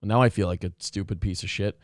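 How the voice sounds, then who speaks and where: A male host of a casual talk show, loud and sardonic, whose shouting is his regular way of talking. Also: low-pitched, steady tone, fast talker, dry recording, clean studio sound.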